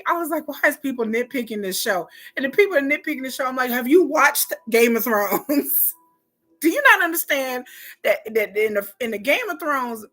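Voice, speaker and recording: Chatty, bright-voiced woman streamer. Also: a little high. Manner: chatty, animated, often acting out other people's lines. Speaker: live watch party streamer. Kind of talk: casual reaction commentary. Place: home, indoors.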